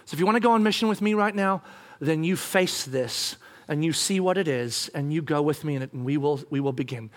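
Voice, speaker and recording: A man voicing a gentle, patient divine spirit who speaks softly and calmly in a sermon story. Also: on the high side, voice pushed down, natural voice. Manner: soft, slow, calm and reassuring.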